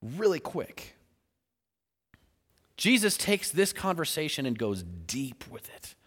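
A man's voice: a little high, very animated, slow pace, fairly bright tone, slightly rough, long reverb tail. A man preaching a sermon, acting out the voices in the scripture story as he goes.

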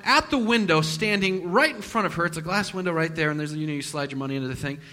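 A man preaching a sermon, telling a personal story and acting out the quotes with sudden loud and hushed turns. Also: a little high, fast talker. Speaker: pastor. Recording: long reverb of a large hall.

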